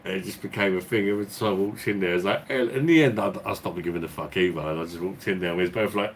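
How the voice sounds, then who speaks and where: Beer-channel host, man, low voice, casual and sweary, rambling chat. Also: fast, few pauses, slight background noise. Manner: rambling, swearing, chuckling as he talks. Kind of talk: casual storytelling chat and viewer Q&A.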